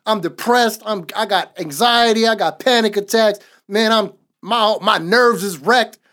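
A man's voice: high voice, a little slow, bright, forceful tone. A man on a podcast giving a casual, emphatic faith testimony in a repetitive, preaching cadence. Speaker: podcast co-host.

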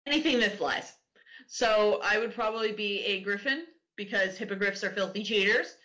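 A woman who does voice acting, chatting as a guest on a podcast and giggling through quick asides. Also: medium pitch, sharp tone, poor audio. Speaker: guest voice actor. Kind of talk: casual podcast chat.

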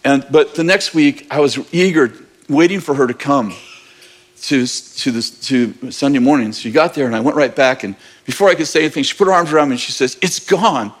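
Speaking briskly in a medium-pitched voice, a pastor shares a personal story during his sermon. He keeps it casual, candid and conversational, laughing in bursts every so often.

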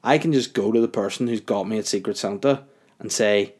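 A young man telling a story in a casual, animated rant, incredulous and full of fillers. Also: lowish voice, fairly quick, slightly rough.

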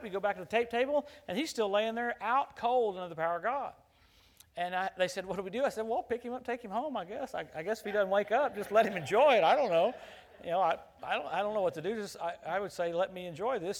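A middle-aged man preaching, his voice sitting a little high for a man. He moves from booming, emphatic declarations to low, confiding storytelling, and he chuckles easily between points. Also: fast. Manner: animated, laughs at his own stories. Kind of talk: sermon.

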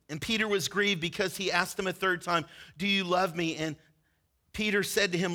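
A man's voice: sits high, steady tone, brisk, pushed and bright. A man preaching a sermon as a pastor, telling a story with earnest intensity and acting out the quoted lines.

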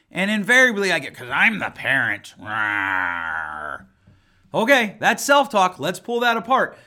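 A man's voice: sits high, pushed and bright. A man in his forties, a family therapist, talking in a casual, emphatic and blunt way. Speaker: family therapist and podcast host. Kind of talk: casual podcast talk.

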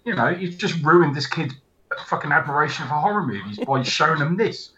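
A man's voice: a little high, animated, brisk, pushed and bright, muffled recording, slight background noise. A man on a podcast, bluntly swearing about a film in casual chat. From United Kingdom. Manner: blunt and profane. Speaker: podcast co-host.

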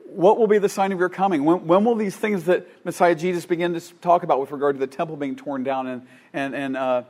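A man preaching a sermon, fervent, swinging between loud declarations and quiet asides, with frequent restarts. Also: fairly high pitch, fairly even intonation, fast. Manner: fervent, rising and falling, with many restarts.

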